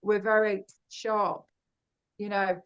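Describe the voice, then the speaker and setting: Woman, guest, casual talk, fast, many fillers and self-corrections. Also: medium pitch, flat delivery, clear, resonant tone, lo-fi sound. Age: adult with grown children. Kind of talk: casual conversation about personal experiences.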